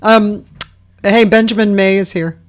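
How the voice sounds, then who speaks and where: A woman hosting a casual livestream chat over a video call, relaxed and rambling, with many fillers. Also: mid-range voice, a little slow, slight background noise. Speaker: host.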